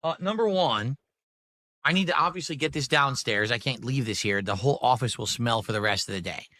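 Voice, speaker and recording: Bright-voiced man streaming and chatting. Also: mid-range voice, a little fast. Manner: mumbling between bites, then playful mock outrage. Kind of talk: casual livestream chat while eating. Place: office room indoors. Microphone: close desk mic.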